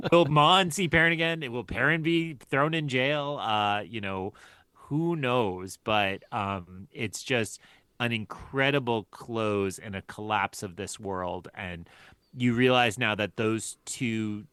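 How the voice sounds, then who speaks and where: A man's voice: mid-range voice, takes it slowly, bright, forceful tone, clean tone, no echo. A man co-hosting a podcast in casual chat, talking with enthusiasm, laughing often and using lots of fillers. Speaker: podcast co-host.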